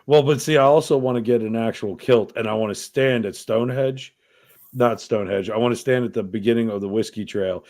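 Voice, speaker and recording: A man's voice: mid-range voice, brisk, darkish tone. A man from New York hosting a podcast, talking in a crude, rambling, profane way. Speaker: podcast host. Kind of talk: casual chat.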